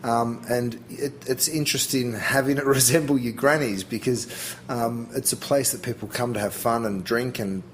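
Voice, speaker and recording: A man's voice: mid-range voice, steady tone, normal speed, few pauses, a little hiss or hum. A middle-aged Australian man, a chef being interviewed, talking casually and thinking aloud with frequent restarts. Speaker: chef guest.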